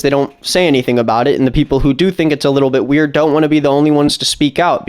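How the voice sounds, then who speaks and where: A man's voice: fairly high pitch, clean tone. A man giving a blunt, indignant commentary on a video. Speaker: commentary YouTuber. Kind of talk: casual commentary.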